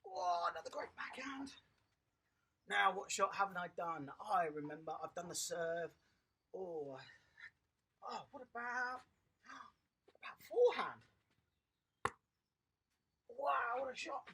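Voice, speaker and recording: A children's tennis coach, giving a lively, encouraging home lesson and praising the young players outdoors in a garden. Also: medium pitch, slow pace, gravelly, long pauses, slightly rough.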